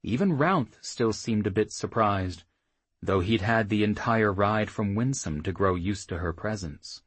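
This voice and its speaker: A man narrating a fantasy audiobook in an even, deliberate reading style. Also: on the low side, breathy edge, no room sound.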